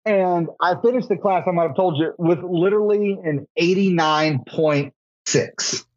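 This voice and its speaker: A man's voice: sits high, unhurried, no room sound. A young man rambling through college stories in casual podcast chat, saying "like" a lot. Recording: slightly dull podcast audio.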